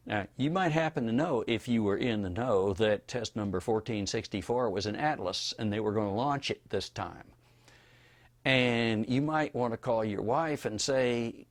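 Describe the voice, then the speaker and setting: In an oral history interview, a Florida man in his later years recounts wry anecdotes with an easygoing storyteller's manner. His voice is mid-range and his speed is normal.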